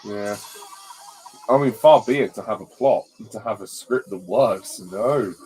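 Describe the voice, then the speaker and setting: A man's voice: on the low side, unhurried, darkish tone, soft background music, low-quality recording. A man casually commentating on a film, blunt and scornful in his judgments.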